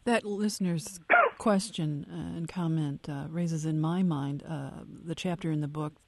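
A woman hosting a radio call-in interview, asking measured, probing questions. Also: low-pitched, no echo. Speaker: radio host.

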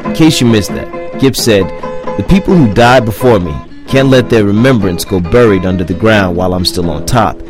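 A man's voice: fairly low pitch, animated, moderate pace, over music. A man hosting and narrating a documentary feature in a wry, conversational scripted style. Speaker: host and narrator.

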